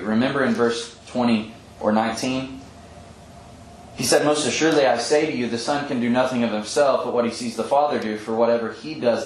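A man leading a Bible study, explaining scripture earnestly with frequent pauses and ums, often quoting verses. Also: lowish voice, a little hiss or hum. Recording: echoey room with faint ambience.

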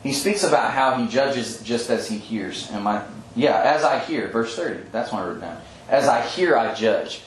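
A man leading a Bible study, explaining scripture earnestly with frequent pauses and ums, often quoting verses. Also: medium pitch, slight background noise. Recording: echoey room with faint ambience.

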